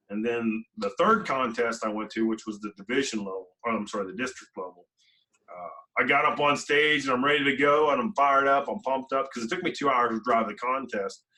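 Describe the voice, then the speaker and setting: A man telling a personal story as a podcast guest, animated and full of fillers and quoted dialogue. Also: mid-range voice, fairly quick, far from the mic, poor audio. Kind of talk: conversational storytelling.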